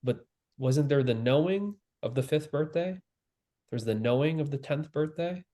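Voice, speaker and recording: A man giving a spiritual teaching, speaking calmly and slowly with long pauses and repeated phrases. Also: fairly high pitch. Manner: calm, slow and repetitive, with long pauses. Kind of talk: slow guided spiritual teaching.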